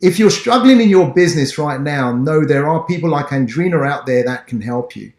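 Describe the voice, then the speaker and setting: A man's voice: a little high, expressive, a little fast, a little mellow. Male interview host with an English accent, upbeat and encouraging, recorded with some room echo. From Ghana. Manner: encouraging, motivational. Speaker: podcast host. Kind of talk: business interview. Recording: roomy echo.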